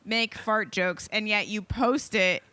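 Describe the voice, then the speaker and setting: A woman's voice: medium pitch, slow, sharp tone, a little hiss or hum. A woman co-hosting a podcast, chatting casually in a teasing way with playful slang. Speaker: podcast co-host. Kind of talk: casual chat.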